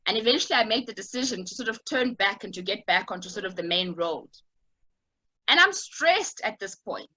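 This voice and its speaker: A woman's voice: a little high, bright, forceful tone, poor audio. A woman giving an online talk over a video call, telling a personal story in a reflective way with many small fillers.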